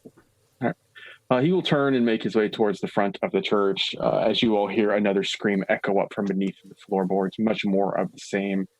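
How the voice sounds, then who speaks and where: A man narrating a tabletop game as game master, giving lively scene descriptions. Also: on the low side, moderate pace, no room sound, low-quality recording.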